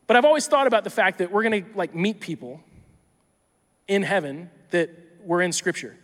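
A tired male pastor preaching a sermon in a conversational, animated way, often acting out imagined dialogues. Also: high voice, moderate pace, big-room sound. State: tired from little sleep.

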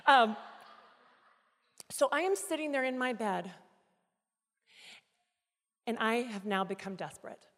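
Woman preaching in a church, fairly high voice, big echoey hall, gets really intense then goes soft. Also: expressive, slow pace, long pauses. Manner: emotional storytelling with dramatic swings in intensity. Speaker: guest speaker. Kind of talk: sermon. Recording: reverberant hall.

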